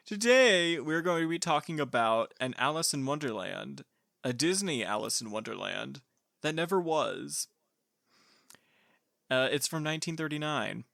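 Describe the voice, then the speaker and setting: A man's voice: fairly high pitch, animated, a little slow, gravelly, long pauses, a bit bright, dry recording, studio quality. A young adult man hosting a podcast, chatting casually and laughing readily with theatrical flair. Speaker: podcast host.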